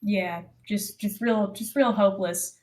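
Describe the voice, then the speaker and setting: A woman player chatting in and out of character at a tabletop game, rambling with deadpan jokes. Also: medium pitch, unhurried.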